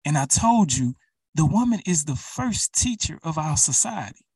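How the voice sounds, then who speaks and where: A man's voice: a little high, sing-song, moderate pace, a little mellow, slightly rough, dry recording, recorded from a distance. Fervent preacher man, set back from mic. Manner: emphatic, urgent, addresses listeners directly. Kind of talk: sermon.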